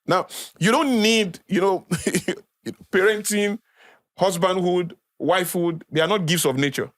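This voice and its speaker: A man's voice: sits high, a little slow, no echo. A man with a Nigerian accent, a podcast guest lecturing in a conversational way, repeating key phrases for emphasis. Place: podcast studio.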